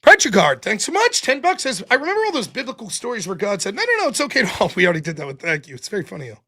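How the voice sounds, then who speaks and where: Sarcastic male stream host, bright voice, bouncy delivery, reads chat messages aloud. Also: high-pitched, racing, slightly rough. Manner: sarcastic and animated, mocking repetition. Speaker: livestream host. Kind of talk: live-stream commentary reading viewer messages.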